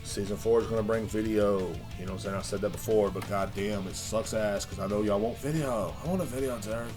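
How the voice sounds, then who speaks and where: A man's voice: lowish voice, steady tone, a little fast, over music. A man hosting a casual podcast, ranting in a brash, profane, rambling way. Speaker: podcast host.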